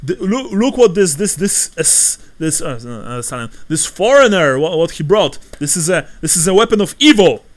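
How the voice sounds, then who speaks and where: A man voicing a loud, hostile, distrustful male innkeeper who shouts accusations. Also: high voice, sing-song, normal speed, hardly any pauses, voice pushed up. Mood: shouting.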